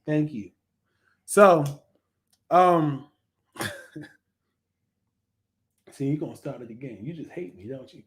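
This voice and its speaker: Guy with a highish voice chatting loosely on a review podcast, lots of ums and restarts, laid-back. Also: expressive, takes it slowly, long pauses. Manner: rambling, full of fillers and self-corrections; laid-back, addresses listeners as "y'all". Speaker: podcast co-host reviewing a TV series. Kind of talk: casual review chat.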